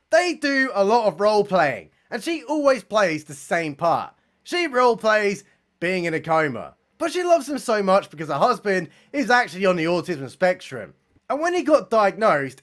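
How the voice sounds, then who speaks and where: A young man giving sarcastic, mocking commentary as he reviews a comedy special, with deadpan asides and casual swearing. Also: sits high.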